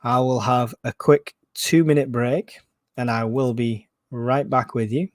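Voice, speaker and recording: A man giving excitable, casual live fan commentary on a football match, groaning and swearing at the play. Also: medium pitch, measured pace, dry recording, clean studio sound.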